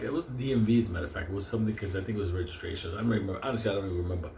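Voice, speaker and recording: A man's voice: deep voice, racing, few pauses, a little mellow, slight background noise. Profane, laughing New storyteller man. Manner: profane, laughing often mid-sentence. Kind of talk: casual anecdote. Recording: roomy echo with faint ambience.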